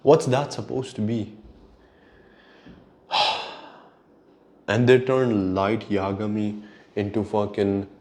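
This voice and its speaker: Solo host, male, low register, slow delivery, exasperated and foul-mouthed rant. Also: little pitch movement, a little mellow. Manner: exasperated, profane ranting. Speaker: podcast host.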